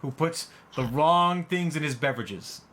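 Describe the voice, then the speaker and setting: A man hosting a casual game stream, excitable and gushing, who swears freely. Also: a little high, unhurried. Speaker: host and board game player. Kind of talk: casual chat while playing an online game.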